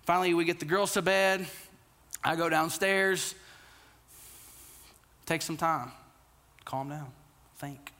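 A pastor in his thirties delivers a sermon in a fairly high voice. He talks earnestly and conversationally, stumbling over repeated words, then sinks low and quiet to press a point home. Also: steady tone, slow pace, long pauses. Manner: drops to a quiet, low delivery on key lines.

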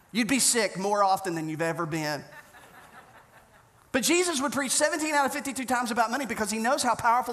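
A man's voice: high voice, bright, forceful tone. A man pastor preaching a sermon, earnest and conversational, telling stories with frequent restarts.

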